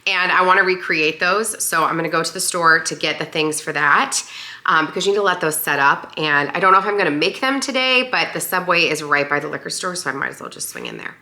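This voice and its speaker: A young woman with a hoarse, deep and raspy voice, chatting casually and upbeat in a lifestyle vlog. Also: big pitch swings, brisk, pushed and bright. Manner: chatty, upbeat, many fillers. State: hoarse, voice partly lost. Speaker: lifestyle vlogger.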